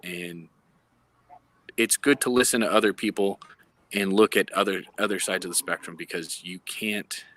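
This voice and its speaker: A man from law enforcement joins a live chat over his phone. He explains things earnestly and often pauses to search for words. His voice is lowish but bright and forceful. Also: fairly even intonation.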